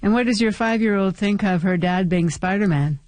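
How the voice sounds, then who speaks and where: Male radio host, friendly questioner, high voice, dry studio sound. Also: normal speed, darkish tone, dry recording. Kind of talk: radio interview.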